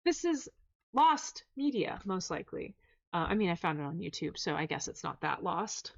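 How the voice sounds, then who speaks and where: A woman's voice: fairly low pitch, very animated, moderate pace, gravelly, no echo, highs cut off. A woman live-streaming and chatting casually with her chat, reading messages aloud and stumbling over hard names.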